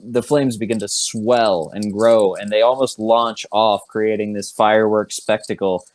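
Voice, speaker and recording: A man narrating as game master of an online tabletop game, relaxed, with many fillers and laughing asides. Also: lowish voice, no echo.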